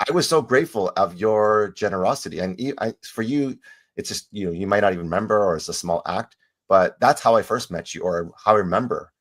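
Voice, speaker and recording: A man hosting an interview podcast, chatting casually and often restarting his words as he tells a story. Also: fairly low pitch. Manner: halting, repeats words while telling a story. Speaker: podcast host.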